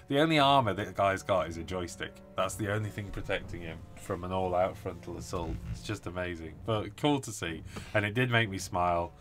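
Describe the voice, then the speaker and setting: Low-voiced British man, tired. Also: a bit bright. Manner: enthusiastic, rambling with many fillers. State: tired from little sleep. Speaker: host of a tabletop wargaming live stream. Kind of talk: casual live-stream chat.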